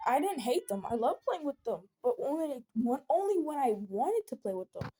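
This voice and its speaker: A teenage girl talks through a casual venting video in an earnest, rambling way. Her voice is mellow and warm, never bright. She often slips into soft pleading. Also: high-pitched, sing-song, normal speed. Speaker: vlogger.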